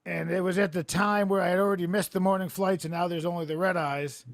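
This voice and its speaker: A man hosting a comedy podcast over a video call, telling rambling stories with deadpan absurd jokes. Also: high-pitched, fast talker, no echo, studio quality. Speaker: podcast host. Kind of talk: casual comedic chat. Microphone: remote video call.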